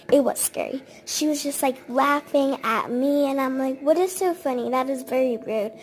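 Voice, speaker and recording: A woman's voice: high-pitched, low-quality recording. A woman chattily retelling a babysitting story, acting out the quoted dialogue as she goes. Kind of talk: casual spoken storytime.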